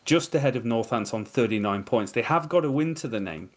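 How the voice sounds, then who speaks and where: A man's voice: mid-range voice, animated, brisk. Rambling man talking cricket. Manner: rambling, opinionated, tells anecdotes. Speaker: podcast co-host. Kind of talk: casual cricket podcast chat.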